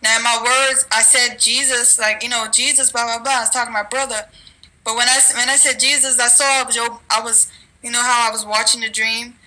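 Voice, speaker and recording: A woman with a very bright, fairly high voice recounts a religious dream in casual, rambling speech. She restarts her sentences and uses fillers, and now and then she reads scripture aloud. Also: little pitch movement, fairly quick, low-quality recording. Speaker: religious video maker. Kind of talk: casual testimony and scripture reading.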